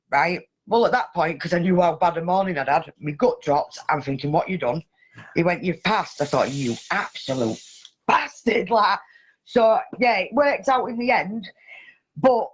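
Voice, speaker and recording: A woman hosting a casual chat, telling a story in an animated way and swearing heavily. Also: low voice, husky, muffled recording. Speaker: podcast host.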